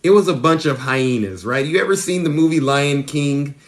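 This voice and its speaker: A man hosting a satirical live stream, talking in a mock-earnest, animated way that rises excitedly as he retells stories. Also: a little high, moderate pace.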